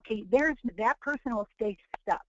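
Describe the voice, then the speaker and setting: A woman's voice: fairly high pitch, normal speed, slight background noise. A woman presenting a motivational webinar, preaching with repeated phrases and acting out quoted people. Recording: muffled lo-fi webinar audio.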